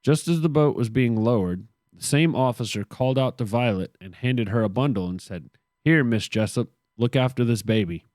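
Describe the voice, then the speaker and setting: A man's voice: medium pitch, moderate pace, darkish tone, dry recording, clean studio sound. A man co-hosting a casual podcast, reading history from his notes with joking, sarcastic asides. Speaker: podcast co-host.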